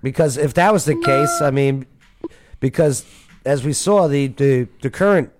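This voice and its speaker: A man's voice: mid-range voice, normal speed, noisy background. A man hosting a casual reaction chat, joking and rambling with laughs and restarts. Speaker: host.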